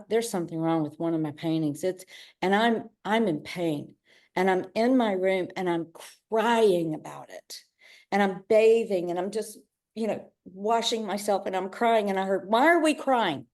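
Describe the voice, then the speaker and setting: A woman interview guest talking about business and telling a personal story with spirit, often rushing ahead in quick bursts and acting out bits of dialogue. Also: mid-range voice, a little mellow. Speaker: guest, business owner and artist.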